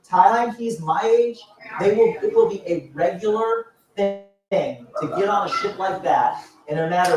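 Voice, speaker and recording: Man in his fifties, motivational speaker, animated and restarting often, miked from a distance in a big echoing hall. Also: sits high. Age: 50s. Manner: animated storytelling with frequent restarts and laughs. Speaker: motivational speaker at a business event. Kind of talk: motivational speech. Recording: echoey hall, voice from far off.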